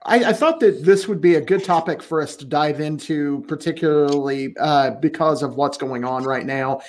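A man's voice: a little high, normal speed. A man co-hosting a casual political podcast, talking bluntly and emphatically with frequent swearing. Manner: blunt, profane, emphatic, laughs often. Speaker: podcast co-host.

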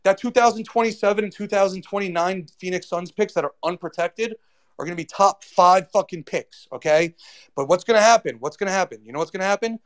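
Man, ranting sports panelist, profane, emphatic, high voice. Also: fairly quick. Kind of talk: sports rant.

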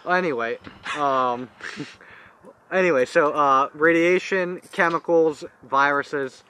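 A man's voice: on the high side, slow, sharp tone, a little hiss or hum. A young man co-hosting a casual podcast chat, rambling through explanations with many fillers. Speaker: podcast co-host.

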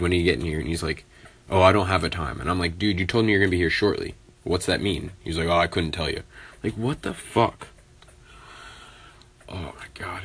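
Young guy with a deep husky voice, annoyed and swearing, venting to his viewers. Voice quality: exasperated, profane, rambling. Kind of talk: casual vent to viewers.

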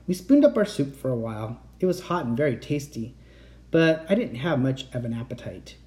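A man narrating a children's chapter book in a lively storytelling voice. His tone is mellow and warm, and his pitch rises and falls widely as he reads. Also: moderate pace. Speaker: audiobook reader. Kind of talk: scripted narration.

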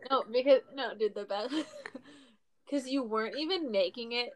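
A woman's voice: on the high side, a little slow, slight background noise. A young woman co-hosting a podcast, telling stories in casual chat and swearing often. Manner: animated storytelling, swearing. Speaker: podcast co-host.

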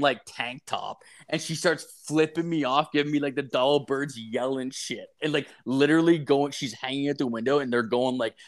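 Young guy, casual storyteller, profane and rambling, mid-range voice. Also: mid-range voice. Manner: crude, swearing constantly, filler-heavy, animated retelling.

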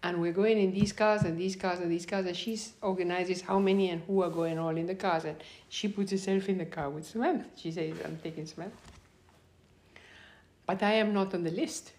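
A woman's voice: lowish voice, fairly quick, few pauses. A woman telling a personal story in an interview, acting out the dialogue and laughing often as she goes. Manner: animated, acts out quoted dialogue.

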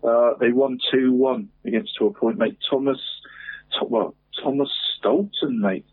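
A man's voice: mid-range voice, a little slow, slightly rough. A man presenting local football results in casual radio chat, saying "mate" after nearly every phrase. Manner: says "mate" constantly, chatty and rambling. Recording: phone-like radio line.

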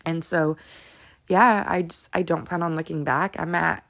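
A woman in her thirties speaks casually and openly to her camera, her voice pitched a little low. She is emotional and close to tears at moments, and she fills her talk with "like" and restarts. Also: fairly even intonation, a little slow, vocal fry, a bit bright. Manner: emotional, near tears at times, candid, many fillers. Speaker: vlogger answering follower questions.

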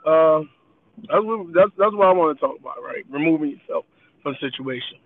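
A man with a high voice tells a rambling story in casual chat, laughing as he goes. His loose, easy delivery comes through a tinny, phone-like line. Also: lively intonation, fairly quick, a little hiss or hum. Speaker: podcast co-host.

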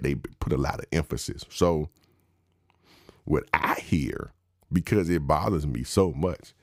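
A young man, giving a wry, mock-instructive comedic rant that jumps high in pitch for emphasis. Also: darkish tone, dry recording, clean studio sound.

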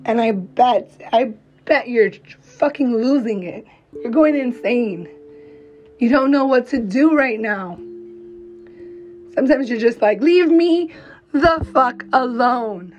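A woman's voice: a little high, a little hiss or hum. A young adult woman, a mother, speaking to camera in a heartfelt, blunt, profane and encouraging monologue. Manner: blunt, profane, encouraging, slow emphatic phrasing. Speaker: mom vlogger. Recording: slightly dull lo-fi recording with faint music behind.

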